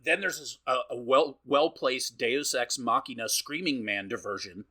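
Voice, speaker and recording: A man's voice: medium pitch, moderate pace, sharp tone, breathy edge. A man co-hosting a podcast, recapping a film in casual chat, swearing freely and acting out what the characters say. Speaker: podcast co-host.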